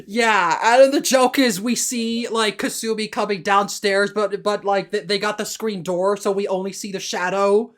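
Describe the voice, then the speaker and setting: A woman's voice: medium pitch, steady tone, normal speed, hardly any pauses. A woman co-hosting a podcast in casual chat, retelling a story with lots of restarts and stumbles. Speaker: podcast co-host.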